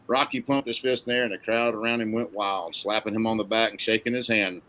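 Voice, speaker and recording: A man reading a novel aloud in a steady, plain storytelling manner. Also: on the low side, fast talker, few pauses, poor audio. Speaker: narrator.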